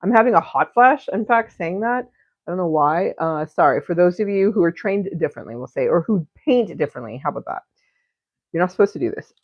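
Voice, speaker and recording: Painting on a live stream from her home studio, a woman with a lowish, expressive voice chats a little fast, meandering and giggling, dropping swears and half-finished thoughts. Her voice sounds close and dry with no echo, carrying the dull, lo-fi quality of stream audio.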